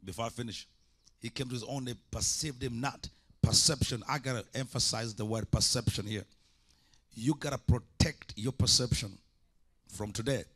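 A man's voice: medium pitch, fairly even intonation, moderate pace, fairly bright tone, breathy edge. A man preaching a sermon as an evangelist, impassioned, with repeated call-and-response lines.

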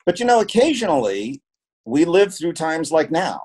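This man, a film and television producer, tells anecdotes as a guest in a conversational interview. His voice runs on the high side with a darkish tone, very animated at a moderate pace, and he speaks earnestly, often repeating words when he restarts.

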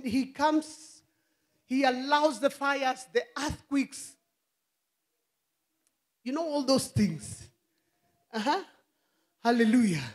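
A woman pastor preaching a sermon with passion. She calls out rhetorical questions and hallelujahs, and she swings between shouting and quiet, low murmurs. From Kenya.

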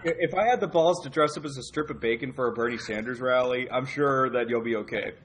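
A man's voice: medium pitch, fast talker, fairly bright tone, a little hiss or hum. A man joining a live stream as co-host, trading jokes and dry asides in casual banter.

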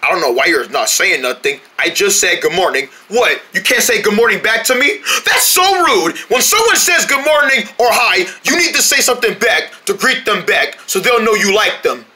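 A man voicing an excitable young male cartoon deer who shouts and complains at everyone. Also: high voice, heavily acted. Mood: indignant. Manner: shouty, indignant, quick to complain. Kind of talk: cartoon voice acting.

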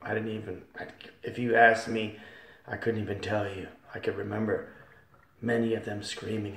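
A man with a low, gravelly voice delivers a fervent church testimony, repeating phrases and building to loud peaks. He sounds distant, his voice ringing around an echoey hall. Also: level tone, moderate pace. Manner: fervent, repetitive, swells loud on key phrases. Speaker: testimony speaker.

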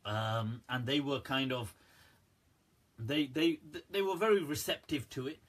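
A man's voice: medium pitch, unhurried, fairly bright tone, husky. A man hosting a casual religious talk on a live stream, chatty, with many fillers and laughs at his own jokes. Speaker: Islamic scholar and live-stream host. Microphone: front-facing phone or webcam.

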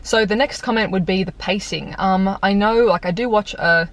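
A young woman casually talking through a film review in a chatty, animated way, full of "like" and "um". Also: mid-range voice, moderate pace. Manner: chatty, animated, lots of fillers. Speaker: YouTube vlogger reviewing a film. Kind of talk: casual chat. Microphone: compact camera mic.

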